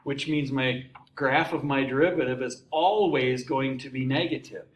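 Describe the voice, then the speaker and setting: A man teaching a math lesson, animated, asking questions and answering them himself, with playful asides. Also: medium pitch, normal speed. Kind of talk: recorded classroom lecture. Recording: echoey room with faint ambient noise.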